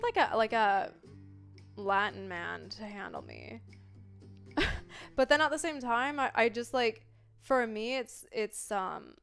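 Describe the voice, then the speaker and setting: A young woman chatting casually on a live stream, expressive and full of filler words, jumping between loud bursts and mellow talk. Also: on the high side, clear, resonant tone. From Italian family background.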